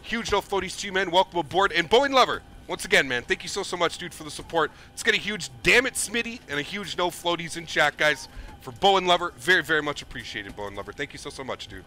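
A young man with a high, bright voice talks through a flight simulator stream. He is upbeat and effusive, thanking donors again and again between cockpit steps. His delivery stays loose and chatty. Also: expressive, quick pace. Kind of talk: live gameplay commentary.

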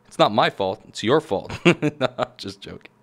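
Excitable man yelling at a game. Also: mid-range voice, normal speed. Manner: excitable, yells at the game, chuckles. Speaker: gaming channel host. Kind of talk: gameplay commentary.

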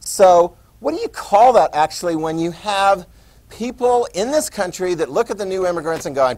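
Animated male teacher, high lively voice. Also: normal speed, low-quality recording. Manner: lively, quizzing students and repeating key words. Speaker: history teacher. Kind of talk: classroom lecture with questions to students. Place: classroom.

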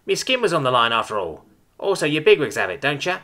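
A man's voice: on the high side, big pitch swings, quick pace, bright, forceful tone, voice pushed up. A man voicing a cheeky young female alien thief who talks in brash, slangy sass. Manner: slangy and sassy.

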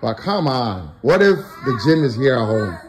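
A man's voice: medium pitch, very animated, measured pace. A man in his thirties, a father cheering his family on in a playful home vlog. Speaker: father and vlogger. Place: home gym.

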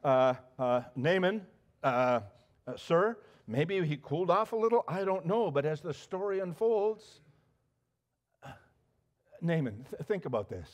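Animated, high-voiced male pastor. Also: a little slow, pauses often. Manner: animated storytelling with many restarts and fillers. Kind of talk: sermon.

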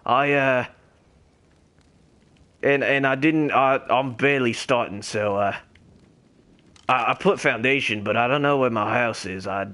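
A young man in a put-on Australian accent rambles through a game session in character, cursing freely and hollering greetings at strangers. His voice sits at an ordinary middle pitch for a man. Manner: rambling, swears a lot, calls out loudly to other players. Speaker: streamer playing as a character. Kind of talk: in-character game role-play stream.

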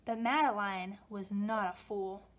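A woman reading a rhyming children's book aloud, with expressive storytelling delivery. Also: medium pitch, unhurried.

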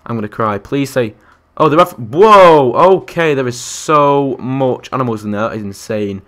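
Chatting through his game stream at a moderate pace, the young man counts aloud and responds to viewers and other players. His voice is medium in pitch with a fairly bright tone.

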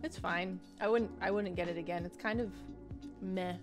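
A woman's voice: on the low side, steady tone, normal speed, soft background music. A young woman streamer chatting casually and joking as she taste-tests snacks, often giggling. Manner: bubbly, jokey, giggly. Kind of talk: casual taste-test chat.

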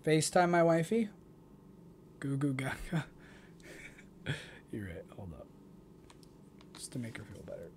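A woman's voice: a bass voice, big pitch swings, moderate pace, gravelly, pauses often, background noise. A nineteen-year-old woman streaming, chatting casually and affectionately with her audience and partner. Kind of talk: casual livestream chat.

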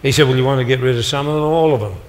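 An older man speaks in a steady, mid-range voice at a very fast clip, giving a motivational talk before an audience in a large hall. He tells stories and acts out the dialogue with punchy comic timing. The live hall recording carries long reverb and slight background noise.

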